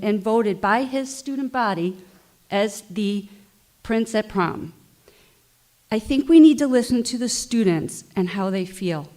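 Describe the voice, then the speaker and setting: Middle-aged mother, heartfelt public comment, voice swelling with emotion and force. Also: medium pitch. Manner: emotional, impassioned, rising to forceful. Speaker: parent giving public comment. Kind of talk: public comment at a school board meeting.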